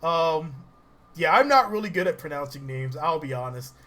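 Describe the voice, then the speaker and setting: Excitable high-voiced male game streamer. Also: normal speed. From Southern US. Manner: excitable, laughs often, greets chat viewers. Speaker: game livestreamer. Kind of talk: casual livestream commentary while playing.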